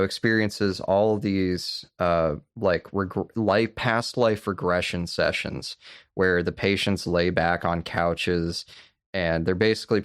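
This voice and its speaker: A man's voice: low voice, clean tone, no room sound, clean studio sound. A man co-hosting a podcast, discussing movies in a rambling way with many fillers and restarts. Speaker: podcast host. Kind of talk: casual film discussion.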